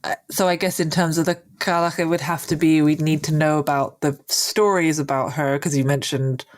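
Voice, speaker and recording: A woman's voice: low-pitched, steady tone, normal speed. A woman co-hosting a podcast, asking curious questions and thinking aloud in casual chat. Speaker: podcast co-host.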